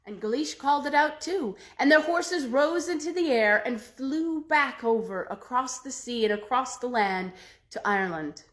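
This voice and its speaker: A woman storyteller telling a folk tale aloud in an expressive way, with slow dramatic pauses. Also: sits high.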